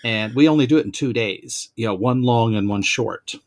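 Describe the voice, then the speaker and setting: A man from Nebraska recounting a story in a casual podcast chat, relaxed and unhurried, with hesitant fillers. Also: medium pitch, crowd noise.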